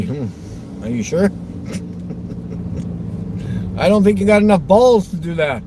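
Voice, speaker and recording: A man from Westchester County, New York, vlogs from his car with a high, very animated voice and a warm tone, speaking slowly with long pauses. His talk rambles and provokes, teasing and laughing often, with car noise in the background.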